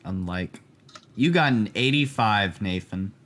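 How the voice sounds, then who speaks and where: A man's voice: fairly low pitch, expressive, a little slow, a bit bright. A man hosting a casual podcast, quizzing his co-host with dry, teasing jokes.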